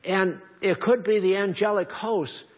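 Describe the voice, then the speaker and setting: Husky guy preaching, earnest, keeps asking the church questions, dull old recording. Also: high-pitched, fairly even intonation, measured pace. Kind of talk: sermon.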